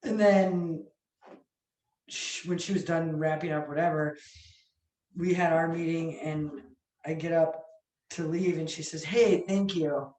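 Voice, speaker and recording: A woman restaurant owner telling stories in a casual interview, animated, swearing freely and acting out what people said. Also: sits low, measured pace, pauses often. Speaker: restaurant owner and sandwich chef. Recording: echoey room, mic far off.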